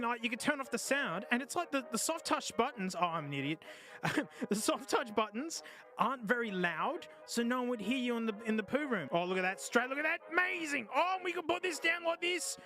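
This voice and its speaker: Brief: male streamer, high and bright, jokey, excitable gamer chatter. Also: dry recording. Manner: excitable, jokey, yelps and groans at the game. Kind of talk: casual live-stream gaming commentary.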